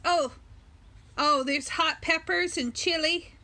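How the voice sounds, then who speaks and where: Woman, children's storyteller, slow and unhurried, bright voice, phone camera. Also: sits high, sing-song. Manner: slow, sing-song, speaks directly to young children. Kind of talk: reading a picture book to children.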